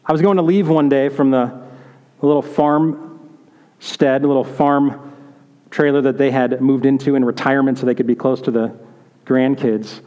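A man's voice: mid-range voice, steady tone, moderate pace, pauses often, dark tone. A man pastor giving a conversational sermon, telling stories and asking the congregation questions. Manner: conversational, storytelling, asks questions. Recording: reverberant hall.

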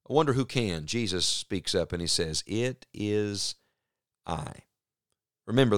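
An earnest male preacher delivers a radio sermon in a low, smooth, resonant voice. He is emphatic and drags out the key phrases for weight. The studio sound is close and completely dry. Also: no echo.

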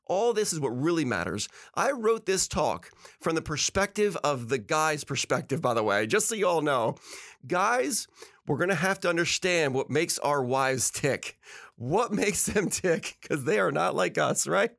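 A man's voice: on the high side, very animated, unhurried, creaky, a bit bright. A middle-aged man hosting a talk, giving earnest, emphatic relationship advice and laughing often. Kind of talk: casual motivational talk.

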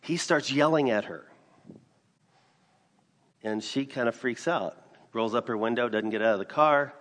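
A man preaching a sermon, mixing scripture with a personal story. He speaks earnestly and gets emphatic, with sudden loud bursts on key lines. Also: mid-range voice, unhurried. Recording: long reverb of a large hall.

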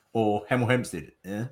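A man's voice: medium pitch, sharp tone. A man with a London accent co-hosting a casual podcast, laid-back and laughing a lot. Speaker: podcast co-host. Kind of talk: casual live podcast chat.

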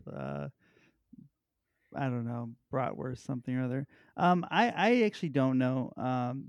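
A man taking part in a podcast trivia game rambles through his answer, filling in and chuckling. His gravelly voice is recorded dry and close. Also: medium pitch, darkish tone, no room sound, highs cut off. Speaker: podcast guest contestant. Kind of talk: casual podcast banter.

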